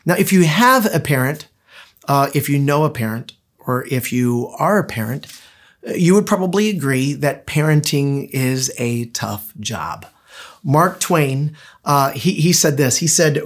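A man's voice: medium pitch, lively intonation, unhurried. A middle-aged man preaching a sermon as pastor, in a conversational, anecdotal way with frequent restarts.

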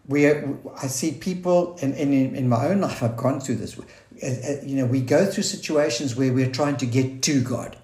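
A man's voice: mid-range voice, normal speed, a little mellow. Earnest male preacher in a roomy space. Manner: earnest, searching, with restarts and scripture quotes. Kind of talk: sermon. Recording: roomy echo.

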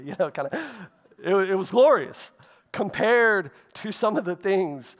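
Male pastor, chatty sermon delivery, slightly higher voice, long reverb from a big hall. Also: lively intonation, normal speed. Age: adult, walked with faith over half his life. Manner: conversational preaching with asides and tag questions.

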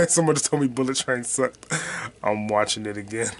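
Excitable, profane man hosting a podcast. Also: medium pitch, normal speed. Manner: excitable, profane, slangy, drifting off to mutter while reading comments. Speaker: podcast host. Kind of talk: casual solo podcast chat.

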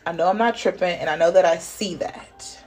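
A woman giving a casual spiritual reading, playful and laughing, dropping to whispers and jumping to loud bursts. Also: fairly low pitch, moderate pace, soft background music. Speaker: spiritual reader channeling messages. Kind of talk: casual intuitive reading monologue.

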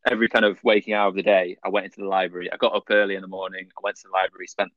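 A man in his twenties chatting casually, halting and repeating words as he talks. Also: low voice, level tone, fairly bright tone, no room sound. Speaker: podcast co-host. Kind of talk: casual chat. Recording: dry muffled lo-fi recording.

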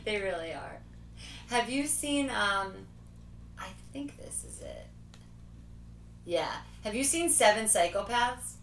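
A woman's voice: medium pitch, slow, long pauses. Chatty woman in an echoey room. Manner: chatty, animated, laughs often. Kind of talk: casual chat about movies. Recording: echoey room with faint noise.

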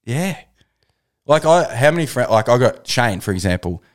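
A man's voice: mid-range voice, very animated, moderate pace. Man, Australian accent, young adult, podcast co-host, casual storytelling, swears, laughs a lot. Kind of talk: casual chat.

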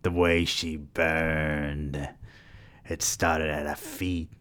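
A man's voice: a bass voice, level tone, drawn-out words, fairly bright tone, full character voice. A man voicing a brash, boastful older woman at a bar who talks bluntly and crudely, reading a story aloud.

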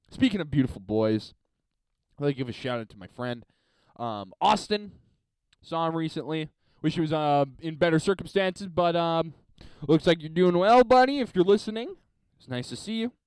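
A man rambles through a solo podcast story, swearing freely and chuckling at himself. His voice is smooth and clean, and his pitch rises and falls a lot. The sound is close and dry, with no room around it. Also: animated, moderate pace, no echo. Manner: rambling, profane, laughs at his own story. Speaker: podcast host.

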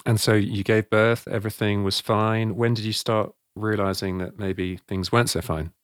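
A man interviewing, gently prompting his guest with questions. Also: on the low side, steady tone, normal speed, smooth, dry recording, clean studio sound.

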